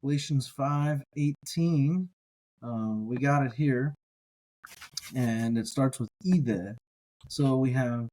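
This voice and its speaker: A man's voice: mid-range voice, slow, a little mellow. A man co-hosting a podcast, reading an ancient text aloud and lingering on how its sounds echo each other. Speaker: co-host biblical scholar. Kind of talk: reading and explaining Greek pronunciation.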